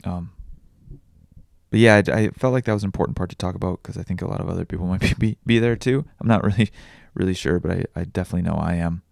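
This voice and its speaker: A young adult man talking candidly in a personal vlog, halting and confessional, swearing often. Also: deep voice, gravelly, darkish tone, no echo, studio quality. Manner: raw, halting, confessional, with frequent swearing and restarts. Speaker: vlogger and podcaster.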